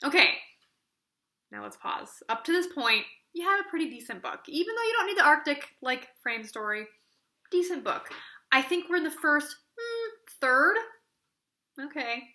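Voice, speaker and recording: A woman's voice: sits high, sing-song, normal speed, pushed and bright. A woman reviewing books in a casual video, sarcastic and rambling, filling her talk with "like". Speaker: book reviewer. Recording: echoey room.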